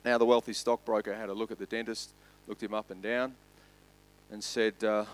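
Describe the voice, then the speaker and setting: An Australian man, a pastor, giving a sermon in a relaxed storytelling way. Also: mid-range voice, moderate pace, no room sound, low-quality recording. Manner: conversational storytelling preacher.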